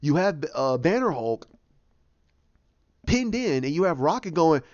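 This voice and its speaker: A man's voice: fairly high pitch, sing-song, measured pace, a little mellow, no echo, lo-fi sound. A man hosting a podcast, recapping a film casually and acting out scenes with many restarts. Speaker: podcast host.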